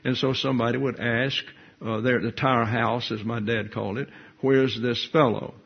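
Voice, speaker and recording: An older man, a pastor teaching a Bible study in a folksy, unhurried storytelling manner. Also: mid-range voice, flat delivery, vocal fry, husky. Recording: muffled lo-fi recording.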